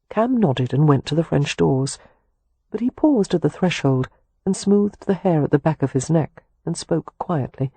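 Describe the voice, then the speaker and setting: A male audiobook narrator with a husky, somewhat high voice reads in a measured, even way. The recording is close and dry, with no room around him. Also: no echo. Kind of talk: scripted narration.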